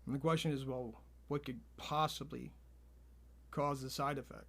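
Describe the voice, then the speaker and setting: A man co-hosting a podcast, telling an absurd story in a deadpan, straight-faced way. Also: medium pitch, normal speed. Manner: deadpan, spins absurd tall tales with a straight face. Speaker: podcast co-host.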